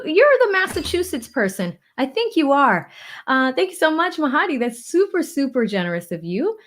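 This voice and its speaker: A woman from the Boston area hosting a casual livestream, chatty and effusive as she reads out viewer donations. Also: on the high side. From Boston area, USA. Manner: chatty and effusive, with many thank-yous and shout-outs. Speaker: livestream host of a legal commentary channel.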